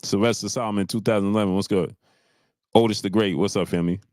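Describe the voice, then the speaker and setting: A man's voice: fairly low pitch, no room sound. Exasperated male host, dry sound. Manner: animated, exasperated, drawn-out "bro". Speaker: livestream host. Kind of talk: casual boxing chat.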